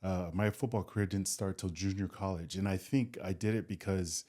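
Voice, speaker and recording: A hesitant man speaking on a casual studio podcast. He stumbles and repeats words while he tells a personal story, with a somewhat low voice. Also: steady tone, moderate pace, mellow. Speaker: podcast co-host, former football player.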